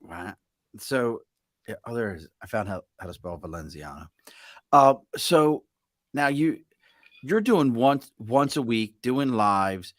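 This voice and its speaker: A man's voice: mid-range voice, very animated, unhurried, no room sound, clean studio sound. A man hosting a podcast in casual chat, joking and self-mocking as he talks. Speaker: podcast host.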